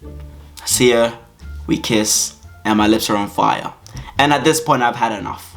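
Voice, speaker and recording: A young man, telling a comic story from his own life to his viewers in a lively, dramatic, laughing way, with soft music playing underneath. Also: medium pitch, unhurried, long pauses. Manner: animated, laughing, dramatic exaggeration. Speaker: vlogger.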